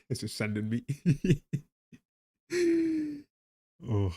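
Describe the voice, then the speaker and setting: A man's voice: mid-range voice, huge pitch swings, very slow, mellow, slightly rough. A tired man with a weak Geordie accent, chatting casually on a live stream, rambling and laughing about the economy. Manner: laughing, rambling, talks to chat and a pet.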